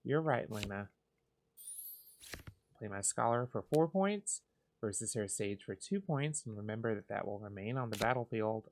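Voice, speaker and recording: A man giving calm, soft, unhurried commentary as he plays a cozy game for sleepy listeners. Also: fairly low pitch, slight background noise. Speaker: gaming channel host.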